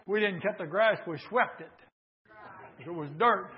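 Male revival preacher. Pitched high, swings from hushed pleading to full shouts. Dull, lo-fi recording. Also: a little slow. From southern Indiana, USA. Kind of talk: revival sermon.

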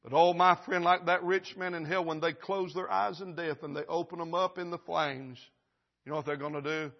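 A man preaching at a church service, telling a sermon illustration dramatically, acting out the voices and swinging from loud to hushed. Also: a little high, steady tone, normal speed, creaky, lo-fi sound.

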